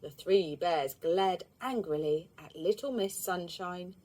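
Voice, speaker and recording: A woman, reading a children's storybook aloud in an expressive, lively way. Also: fairly low pitch, takes it slowly.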